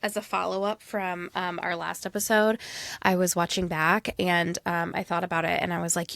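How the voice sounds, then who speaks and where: A woman in her thirties, a podcast co-host in casual chat, talking in an animated way and often trailing off mid-sentence. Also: fairly low pitch, moderate pace, gravelly, no room sound.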